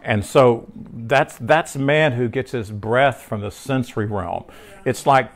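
This man's medium-pitched voice moves slowly through a conversational Bible teaching. Rambling and full of filler words and restarted sentences, he slips into personal stories and uses tag questions to check in with his listener.

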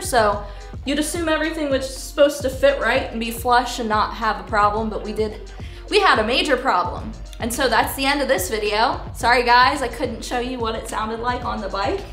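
A woman motorcycle vlogger with a fairly bright, somewhat high voice talks casually and candidly while upset and tearful. She swears now and then and laughs between lines, in an echoey room with faint music in the background.

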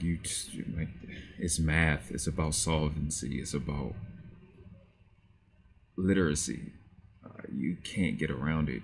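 Man, extremely deep voice, gravelly, halting, reaction host. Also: a little mellow. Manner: halting, with many fillers. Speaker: channel host. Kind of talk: reaction commentary.

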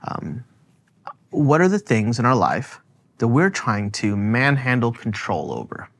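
A man's voice: mid-range voice, sing-song, measured pace, fairly bright tone. Man carefully explaining theology. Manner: explanatory, defines terms carefully, laughs easily. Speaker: theologian co-host. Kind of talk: teaching conversation.

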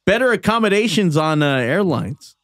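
A man's voice: high voice, normal speed, no room sound, studio quality. A man co-hosting a casual comedy podcast, teasing his friends and reading out headlines. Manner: teasing, animated, reads out headlines. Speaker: podcast co-host.

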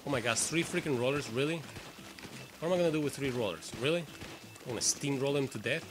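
A man giving excitable, swearing let's play commentary while he plays. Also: mid-range voice, fast, noisy background. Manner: excitable, swearing, trash-talking. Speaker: gamer. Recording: game music clearly behind voice. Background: game music.

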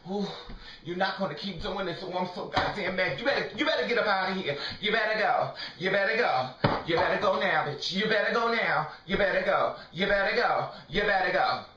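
A man's voice: high-pitched, steady tone, normal speed, fairly bright tone. A man playing a furious, jealous woman who is scolding a cheating partner in a comedy sketch, with profane, repetitive, sassy scolding. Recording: dull roomy recording from a distance.

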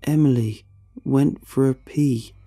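A man voicing an eerie young man who repeats himself in a flat, unnatural cadence. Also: mid-range voice, slow, creaky, faint music behind, pitched above the performer's own voice.

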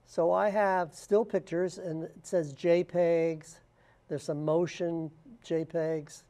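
A man walking through software steps one at a time in a plain, unscripted way, with frequent "uh" fillers. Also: sits high. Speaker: software tutorial instructor. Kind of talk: screen-recorded software walkthrough.

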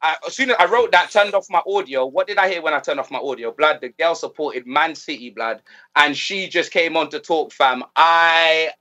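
A man holds the floor with teasing stories in a football chat. His voice is bright and a little high, and he leans on street slang throughout. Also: normal speed. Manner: storytelling, teasing, slang-heavy. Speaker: guest. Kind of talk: casual football banter.

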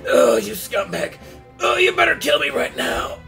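A man voicing a jealous, hotheaded male swordsman who yells insults at his rival. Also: very high-pitched, very animated, moderate pace, vocal fry, faint music behind, exaggerated voice. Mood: indignant. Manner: shouting, indignant.

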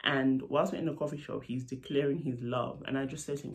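A man tells a personal story to camera in an animated, chatty way. His voice sits in a middle pitch with a gravelly, creaky edge. He breaks off for quick asides as he retells the events. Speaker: storytelling vlogger; nurse. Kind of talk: casual storytime vlog.

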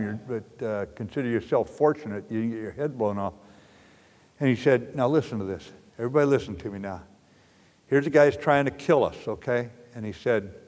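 An older man with an American accent, a retired general giving a storytelling lecture with plainspoken, blunt anecdotes and dry humor. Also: medium pitch. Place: lecture hall. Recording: lecture hall with long reverb.

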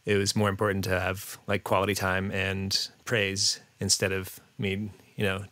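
A man talking as a podcast guest in a relaxed, rambling way, full of fillers and restarts. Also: low-pitched, normal speed, no room sound. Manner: rambling, hesitant, many fillers and restarts, laughs often. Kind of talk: casual interview chat.

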